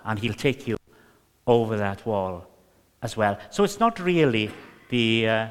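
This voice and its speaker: A man's voice: on the low side, a bit bright, big-room sound. A man with a Welsh accent preaching a sermon, emphatic and repetitive with many fillers.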